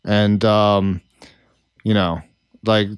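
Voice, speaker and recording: A man's voice: on the low side, fairly even intonation, drawn-out words, clean tone, no room sound. A man with a mid-range voice, recorded dry and close with no room sound. He co-hosts a podcast, rambling casually with plenty of swearing and sarcasm. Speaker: podcast co-host.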